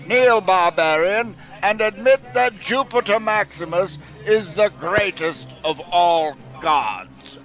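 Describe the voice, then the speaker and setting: A man's voice: high-pitched, lively intonation, slow pace, hardly any pauses, fairly bright tone, highs cut off, faint music behind, exaggerated voice. A man voicing an arrogant Roman military commander who proclaims his conquests. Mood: pompous. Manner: pompous, proclaiming.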